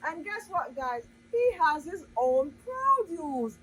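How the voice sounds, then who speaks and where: A bright, high-pitched woman hosts her own cooking vlog. She talks in a bubbly, exclaiming way, circling back to the same cheerful catchphrases again and again. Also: lively intonation, measured pace, hardly any pauses, low-quality recording. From Jamaica. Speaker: cooking channel host.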